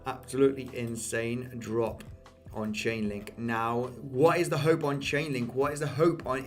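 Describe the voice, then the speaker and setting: A man giving casual market commentary over price charts, losing his voice, repeating himself and often asking "okay?". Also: medium pitch. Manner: repetitive, addresses viewers as guys, frequent "okay?" and "you know". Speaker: crypto market analyst.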